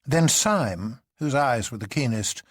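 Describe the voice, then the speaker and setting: An expressive storyteller reading a novel aloud, with a lively voice that rises and falls. The sound is dry and close, with no room around it. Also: medium pitch, a little slow, husky, dry recording. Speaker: narrator. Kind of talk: scripted narration of a novel.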